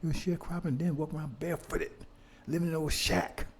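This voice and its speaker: A man's voice: a little high, fairly even intonation, quick pace, vocal fry. An older man giving a fiery lecture, pounding on repeated rhetorical questions and swearing now and then. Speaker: speaker on history. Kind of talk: impassioned street-style lecture.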